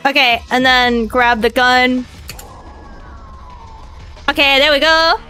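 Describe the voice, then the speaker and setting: A woman's voice: high voice, slow, bright, forceful tone, smooth, soft background music. A young woman streaming a game, talking herself through it in a frantic, swearing way. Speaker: VTuber streamer. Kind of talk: live gameplay commentary.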